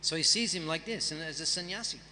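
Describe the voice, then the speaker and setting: A guest speaker at a temple festival gives a scripture class in the temple hall, reading and chanting verses before explaining them conversationally. His voice sits a little high and sounds bright and forceful, and he talks fast. The large hall carries slight background noise.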